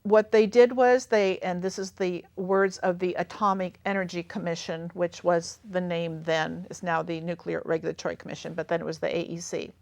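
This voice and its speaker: A woman's voice: on the low side, little pitch movement, moderate pace, gravelly, hardly any pauses, darkish tone, no room sound. A woman activist guest in an interview, explaining in earnest detail with some hesitations. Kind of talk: casual interview chat.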